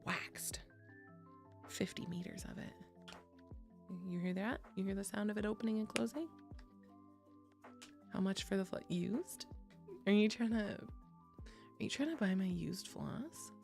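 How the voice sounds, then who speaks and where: A woman's voice: mid-range voice, measured pace, vocal fry, long pauses, a little mellow. A young woman streaming, chatting casually with her viewers, swearing freely, laughing often and reading chat aloud. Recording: faint music behind.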